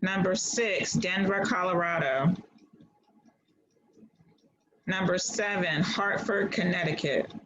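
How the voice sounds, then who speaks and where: Slow, patient woman tutoring online. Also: lowish voice. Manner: patient, steady, reads answers slowly. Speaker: homeschool class tutor. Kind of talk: online class, reading out answers. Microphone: video call. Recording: dull video-call audio.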